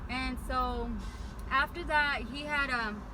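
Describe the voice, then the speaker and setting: High-pitched woman in her 20s, casual vlogger, swears freely and rambles, recorded in a car over heavy road noise. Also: fairly even intonation, takes it slowly. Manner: chatty, profane, retells dialogue in rambling asides. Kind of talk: casual storytime vlog. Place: in a car on a bumpy city street.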